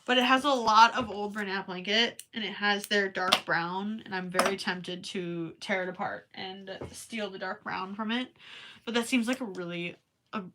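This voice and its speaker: She's a young woman from Minnesota, accent intact, speaking at medium pitch with a sharp tone. On her late-night crochet livestream she chats with viewers while she works, rambling a bit and sounding tired.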